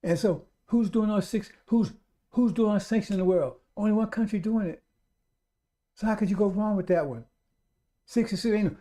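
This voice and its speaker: A man delivers a live-streamed radio sermon, speaking to his listeners as brothers and sisters. His voice sits a touch high but stays dark and warm. He hammers each point over and over in an emphatic, insistent preaching manner. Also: normal speed, pauses often.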